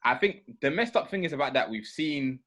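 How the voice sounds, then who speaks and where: A man hosting a casual podcast, bantering loudly and joking with friends. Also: fairly high pitch, animated, fairly quick. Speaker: podcast host. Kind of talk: casual chat.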